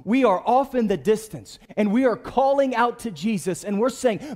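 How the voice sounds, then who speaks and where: Lively high-voiced male preacher. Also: normal speed, few pauses, in a large hall. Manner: preaching with call-and-response to the congregation. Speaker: pastor. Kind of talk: sermon. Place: church.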